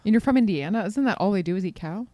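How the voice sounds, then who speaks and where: A woman's voice: mid-range voice, lively intonation, very fast, mellow, dry recording. A woman co-hosting a podcast in casual chat, teasing and chiming in with short agreements. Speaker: podcast co-host.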